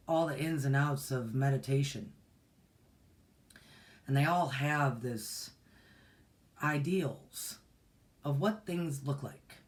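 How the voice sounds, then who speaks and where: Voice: mid-range voice, darkish tone. A meditation teacher in their forties hosting a casual livestream, talking in a folksy, rambling way with many restarts. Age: 40s. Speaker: meditation teacher and channel host.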